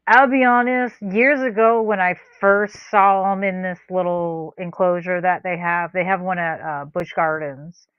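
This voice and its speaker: A woman's voice: fairly low pitch, steady tone, measured pace, hardly any pauses, clear, resonant tone, dry recording. A woman co-hosting a podcast in casual chat, rambling in a laid-back way with frequent chuckles. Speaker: podcast co-host. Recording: dull lo-fi dry sound.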